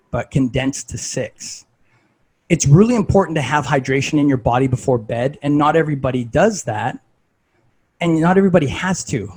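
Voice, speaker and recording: A man's voice: medium pitch, a little mellow, breathy edge, rough recording. A man talking casually as a fitness coach, conversational and full of "like" and "right?".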